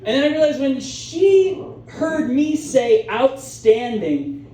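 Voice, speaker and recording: A man performing stand-up, his high voice leaping all over as he tells stories and slips into comic voices. He is heard from a distance in a roomy club. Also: slow pace. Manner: animated storytelling with comic voices. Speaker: stand-up comedian. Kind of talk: stand-up comedy set. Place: comedy club stage.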